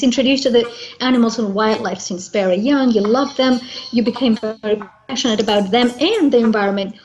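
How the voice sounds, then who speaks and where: A woman co-hosting a casual chat show, gushing with excited exclamations. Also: a little high, moderate pace, rough recording. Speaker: guest co-host.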